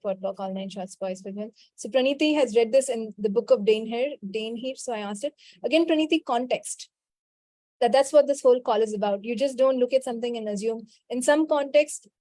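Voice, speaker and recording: A woman leads a spiritual coaching call, answering participants and repeating a quick clearing chant. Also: fairly high pitch, no room sound. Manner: answers participants' questions directly, scolding gently. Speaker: healing call facilitator.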